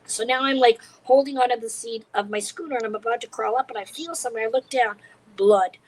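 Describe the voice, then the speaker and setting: Higher-voiced animated woman storyteller. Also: brisk, low-quality recording. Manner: animated, acts out other people's voices. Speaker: comedian guest. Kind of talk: conversational storytelling.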